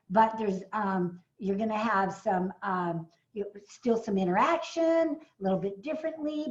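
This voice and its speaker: Excitable woman pitching a webinar. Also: muffled recording. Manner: excitable, bursts of cheering, frequent fillers. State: slightly hoarse, coughing. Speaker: speaker trainer hosting a live webinar. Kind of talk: enthusiastic sales pitch on a video call. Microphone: video call.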